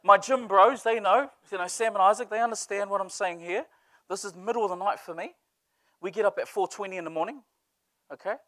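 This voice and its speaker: A man's voice: high voice, brisk, no echo. A man preaching a sermon, telling stories with humor. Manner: lively storytelling with humor. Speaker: pastor.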